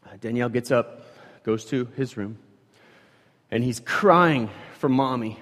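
Male pastor preaching, animated and conversational, emphatic bursts and hushed lows, medium pitch, long hall reverb. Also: measured pace, long pauses, slightly rough. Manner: animated, swings from loud emphatic bursts to hushed low lines. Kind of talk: sermon.

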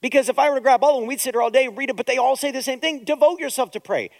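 A middle-aged man preaching a sermon as a pastor, moving between quiet, hushed prayer and loud, urgent exhortation. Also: extremely high pitch, steady tone, very fast, vocal fry, no room sound. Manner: preaching with strong swings between soft prayer and loud urging.

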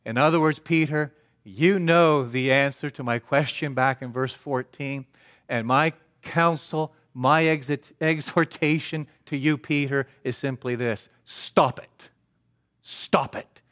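A man preaching a sermon, asking the congregation questions and answering them himself, swinging from emphatic to hushed. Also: medium pitch, a little slow.

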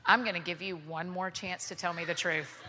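A stern, joyless male passport officer, as a woman storyteller puts him on, speaking in a lowered, flat, clipped voice. His curt lines carry the long reverb of a large hall. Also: fairly quick, creaky, exaggerated voice.

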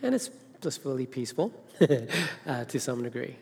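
A man's voice: mid-range voice, very animated, normal speed, vocal fry, darkish tone, slightly rough. Middle-aged male minister, chatty storytelling sermon, big echoing church hall. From Zimbabwe. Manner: chatty, storytelling, with filler hesitations. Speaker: senior minister. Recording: long reverb of a large church hall.

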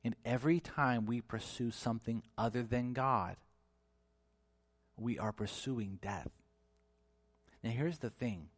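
A man preaching a sermon in an animated way, acting out quoted voices with big swings in pitch and loudness. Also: takes it slowly, long pauses, dry recording. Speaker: pastor.

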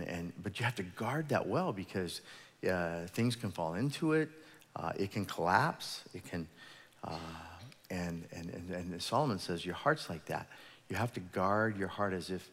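A man who is a pastor, preaching a sermon in an animated storytelling manner, acting out the voices of people in his stories. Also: lowish voice. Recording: long hall reverb.

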